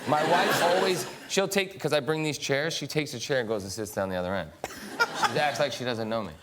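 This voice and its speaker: A man's voice: medium pitch, fairly quick. A man, a talk show guest, telling stories about himself in a self-mocking, laughing way. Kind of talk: casual anecdote on a talk show. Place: TV studio. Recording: loud background noise, studio broadcast.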